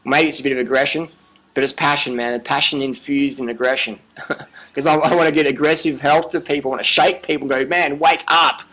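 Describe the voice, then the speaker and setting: A man's voice: mid-range voice, fairly even intonation, fairly quick, a bit bright, poor audio. A man giving an emphatic, passionate monologue as a vlogger, repeating himself, swearing freely and often asking "you know what I mean".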